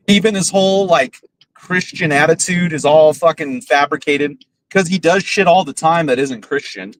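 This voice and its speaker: A man's voice: a little high, measured pace, slight background noise, poor audio. A man hosting a podcast, ranting bluntly and profanely with scorn. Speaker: podcast host. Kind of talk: casual ranting commentary.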